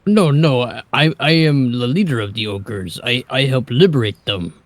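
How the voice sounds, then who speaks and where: An eager, good-natured ogre in a fantasy tabletop game who stammers over his words, keen to help and a little slow on the uptake, as a man plays him in a mid-pitched everyday voice. He talks casually as a player at the table. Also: dry recording, natural voice. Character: gentle, dim-witted ogre sailor.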